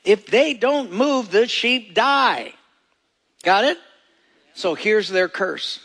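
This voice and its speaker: A man preaching a sermon as pastor, storytelling and acting out voices in his anecdotes, with a gravelly voice. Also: sits high, expressive, slow pace, a bit bright. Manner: storytelling, acts out voices in quoted jokes. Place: church sanctuary. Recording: long reverb of a large hall.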